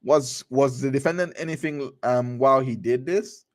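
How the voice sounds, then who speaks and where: A man's voice: mid-range voice, normal speed. Man cold-reading court transcripts aloud. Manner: reads all parts aloud, stumbling and restarting, with asides. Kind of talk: cold read of a transcript with commentary.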